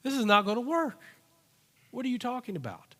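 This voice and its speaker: A preacher voicing an exasperated, doubting disciple. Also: male voice, very high-pitched, big pitch swings, fairly quick, a bit bright, long reverb tail, pitched above the performer's own voice, full character voice. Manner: incredulous, pleading.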